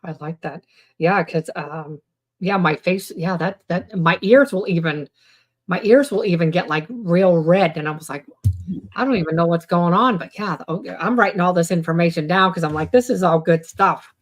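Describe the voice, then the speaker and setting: A woman with a slightly low voice, talking casually and animatedly. She tells personal stories and jumps up into exclamations when quoting herself. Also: moderate pace. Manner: animated storyteller, quotes herself with high exclamations. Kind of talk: casual chat.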